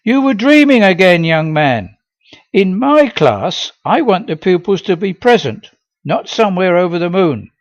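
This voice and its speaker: A woman's voice: lowish voice, sing-song, measured pace, no room sound, voice pushed up. A man reading aloud and voicing a stern, sarcastic woman schoolteacher who scolds a daydreaming pupil. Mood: sarcastic scolding. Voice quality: sarcastic, crisp and commanding. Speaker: teacher.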